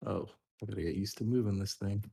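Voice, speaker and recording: Male player, low gravelly voice, very slow delivery. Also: warm tone. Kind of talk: casual tabletop play.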